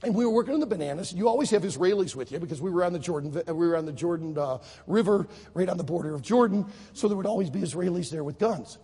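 A man preaching a sermon to high school students, telling a story with lively acted voices. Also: fast talker, few pauses, breathy edge, big-room sound. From United States. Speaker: Baptist preacher.

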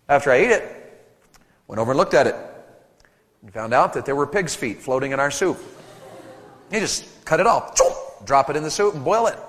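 A man in his thirties preaching a sermon to teenagers at a camp, animated and storytelling, acting out voices and joking with the crowd. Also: fairly high pitch, big-room sound.

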